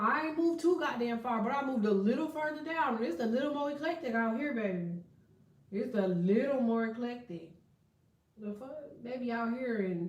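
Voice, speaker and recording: A woman's voice: fairly high pitch, recorded from a distance. A woman chatting casually on a livestream, telling stories with lots of swearing and laughter. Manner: profane, candid storytelling with laughter. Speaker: tarot and astrology reader. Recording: echoey room, voice set back from the mic.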